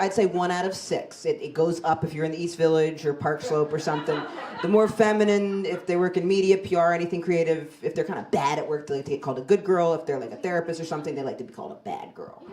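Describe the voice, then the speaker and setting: A woman in her forties performing a stand-up set on a comedy club stage into a handheld mic, with a deadpan, self-mocking delivery. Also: on the low side. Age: 40s. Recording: live club with loud crowd laughter. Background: audience laughing.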